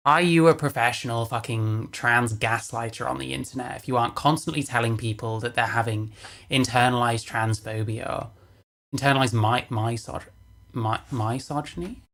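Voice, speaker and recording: A woman's voice: very deep voice, fairly quick, a bit bright. A woman reacting to a video on stream, sarcastic, swearing and dismissive in casual commentary.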